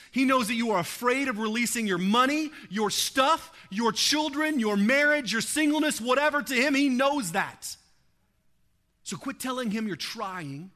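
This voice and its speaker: A man preaching a sermon in an earnest, conversational way, sprinkling in casual asides and swinging between hushed and emphatic delivery. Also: very high-pitched. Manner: casual filler "like" and "right". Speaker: pastor.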